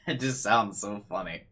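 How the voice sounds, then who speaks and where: A man giving casual, jokey gameplay commentary, animated and laughing. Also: on the low side, slight background noise. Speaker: let's play gamer.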